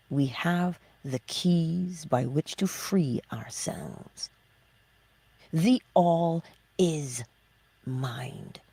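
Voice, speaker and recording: A woman hosting a motivational spiritual talk, asking rhetorical questions and answering them herself, sometimes dropping to a hushed whisper. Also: low voice, gravelly, husky. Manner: drops into hushed, whispered emphasis. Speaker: host of a morning inspiration livestream.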